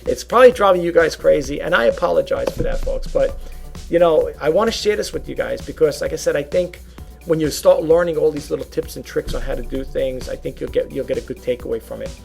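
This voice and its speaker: Chatty male vlogger, gravelly, slightly high voice, rambling how-to delivery, faint music underneath. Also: brisk. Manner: rambling, chatty, repeats "okay?" and "folks". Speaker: YouTube reseller vlogger. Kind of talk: casual how-to vlog.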